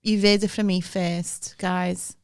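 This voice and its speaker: A woman's voice: lowish voice, little pitch movement, clean tone. A woman co-hosting a podcast, chatty and exclaiming in casual banter. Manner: chatty, exclaiming, quick to laugh. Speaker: podcast co-host. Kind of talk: casual chat.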